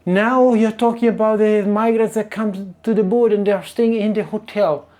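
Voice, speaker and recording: Italian man, native speaker, vlogging from his kitchen to a tripod camera; mellow, warm tone, exasperated rant with frequent restarts. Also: sits high, moderate pace. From Italy. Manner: animated, exasperated, many restarts. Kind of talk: casual ranting vlog to camera. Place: home kitchen. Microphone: camera on small tripod.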